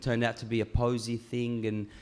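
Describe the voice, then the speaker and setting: A man's voice: mid-range voice, monotone, moderate pace, a little mellow. A man who grew up in Iran, speaking as a guest on a panel at a public talk, telling stories animatedly with many fillers and restarts. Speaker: author guest. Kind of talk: panel discussion.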